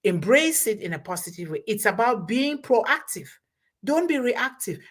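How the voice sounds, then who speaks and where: A woman's voice: on the high side, big pitch swings, moderate pace. A woman hosting a live show, giving an emphatic, repetitive motivational talk in a preacher-like way. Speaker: host.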